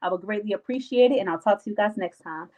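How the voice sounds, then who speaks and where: A young adult woman hosts a live stream, handing out casual life advice in an emphatic, slangy, repetitive style and acting out her friends' lines. Her voice is medium-pitched and mellow, she talks fast, and the recording is rough.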